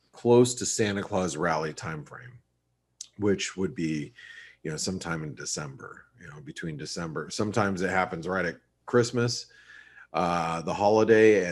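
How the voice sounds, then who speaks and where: A man's voice: low voice, husky. A man giving casual, rambling market commentary on a webinar, with many restarts and fillers. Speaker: market analyst co-host.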